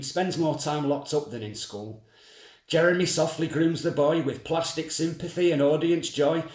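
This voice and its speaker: A man performing dark comedic spoken word in scathing, sardonic rhyming verse. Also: high-pitched, echoey room.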